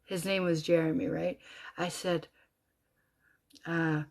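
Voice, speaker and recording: Animated middle-aged woman telling a story. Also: on the low side, measured pace. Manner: animated, swears freely, rambling with asides. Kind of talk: personal storytelling monologue.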